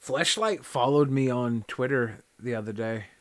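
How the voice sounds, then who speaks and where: A man co-hosting a live stream, teasing and reacting quickly in casual banter. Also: mid-range voice, a little hiss or hum.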